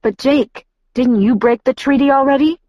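A woman's voice: measured pace, dry recording, muffled recording, natural voice. A woman reading a novel aloud, voicing an anxious teenage girl who pleads in a tight, raised voice. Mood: pleading. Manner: higher, pressed and urgent in her lines.

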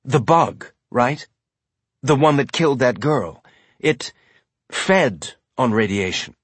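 A man's voice: medium pitch, lively intonation, slow pace, breathy edge, no echo. A man voicing a decisive male ship captain who speaks urgently and directly.

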